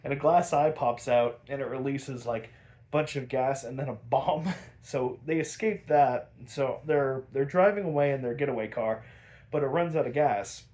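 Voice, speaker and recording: A man's voice: medium pitch, normal speed, a little mellow. A man casually recapping a cartoon episode, rambling with lots of filler words and frequent laughs. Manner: rambling, lots of likes and ums, laughs often.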